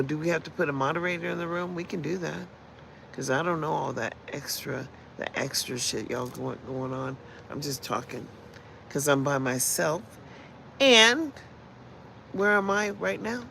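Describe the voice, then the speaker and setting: A woman's voice: on the low side, vocal fry, a bit bright, a little hiss or hum, poor audio. A woman in her sixties ranting bluntly and profanely on a casual livestream, rambling from point to point. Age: 60s. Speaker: livestream host. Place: in Las Vegas.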